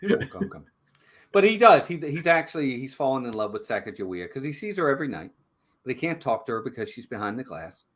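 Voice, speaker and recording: Speaking at a quick pace with a medium-pitched voice, this man co-hosts a movie review show, chatting casually as he retells the plot. He's an animated storyteller who acts out the characters' lines, and there's slight noise in the background.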